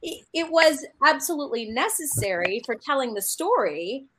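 A woman with a high voice tells a casual story on a panel. She acts out the lines she quotes as she goes. A soft hiss runs underneath. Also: big pitch swings, normal speed. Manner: anecdotal, acts out quoted dialogue. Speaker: actor and panel guest.

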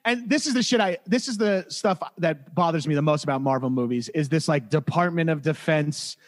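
A man co-hosting a casual movie podcast, talking excitedly and swearing often as he acts out lines from the film. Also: on the high side, a little fast. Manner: excited, profane, mimics lines. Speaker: podcast co-host.

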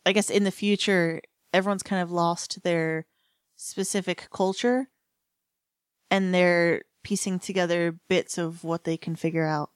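A woman co-hosting a podcast, chatting casually about a TV episode with quick remarks. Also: fairly low pitch, steady tone, smooth, no room sound, clean studio sound. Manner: laughs often, quick interjections. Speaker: podcast co-host.

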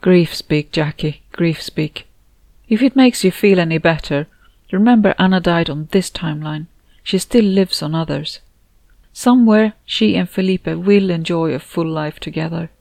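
A woman reading a warm, motherly woman in an audiobook, who speaks gently and soothingly to a grieving friend. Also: lowish voice, normal speed, vocal fry, dry recording. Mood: comforting.

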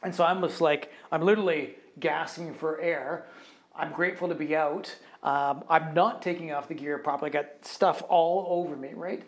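A man co-hosting a podcast tells an extended work anecdote in a casual, meandering style, speaking at normal speed in a voice on the high side. He animatedly performs others' lines and sprinkles in fillers like "right?" and "kind of thing."

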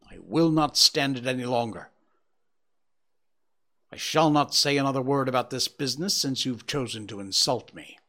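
A man's voice: mid-range voice, animated, normal speed, sharp tone. A man voicing a proud, sullen young man who refuses to explain himself, in an audiobook story. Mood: defiant.

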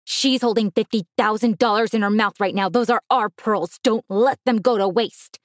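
A woman's voice: mid-range voice, moderate pace, no echo, clean studio sound, lightly acted. Woman doing a scheming, greedy uncle. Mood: menacing.

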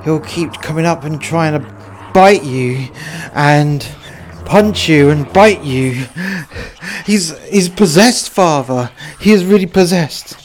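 A man playing an anxious father of a possessed boy who stammers and rushes his words, in an amateur comedy horror skit. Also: mid-range voice, steady tone, slight background noise, close to an everyday voice. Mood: agitated.

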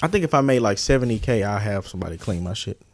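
A man's voice: lowish voice, expressive, rapid-fire, no echo. A man chatting casually on a podcast, teasing and joking with profane banter. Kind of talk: casual group chat.

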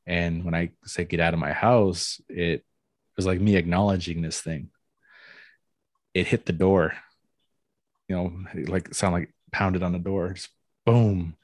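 A man with a very low voice tells a long personal story in a loose, conversational way. He circles back on himself and fills pauses with "you know". The sound is dry and close, with no room around it. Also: level tone, no echo. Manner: rambling, full of "you know" fillers, laughs now and then. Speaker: guest telling a personal story. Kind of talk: casual first-person storytelling.

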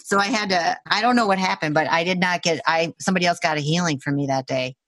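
A woman with a somewhat low voice tells a story in a relaxed, chatty way, full of fillers and laughter. She speaks as a Reiki practitioner, and the sound is close and dry with little room echo. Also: fast. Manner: animated, acts out quoted voices, laughs often, many fillers. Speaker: Reiki practitioner and intuitive healer. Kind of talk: casual storytelling in a conversation.

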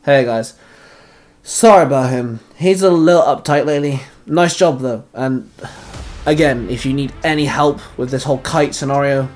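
A man voicing a calm, apologetic male ranger who speaks in an easygoing way. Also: mid-range voice, normal speed, natural voice. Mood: reassuring.

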